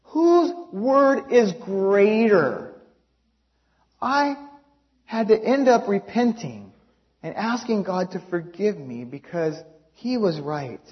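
A man preaching a sermon, telling a story in an animated way and reading quotes aloud. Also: high voice, measured pace. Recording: dull lo-fi recording.

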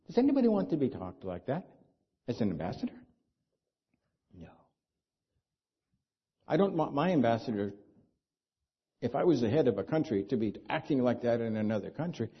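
A man's voice: mid-range voice, expressive, normal speed, pauses often, slightly rough. A man preaching a sermon as pastor, talking conversationally and asking the congregation rhetorical questions. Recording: dull lo-fi sound.

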